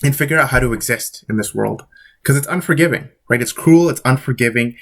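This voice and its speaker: A man's voice: mid-range voice, a bit bright. A man giving a casual monologue to camera in a blunt, swearing, emphatic way, rambling and asking rhetorical questions. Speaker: vlogger.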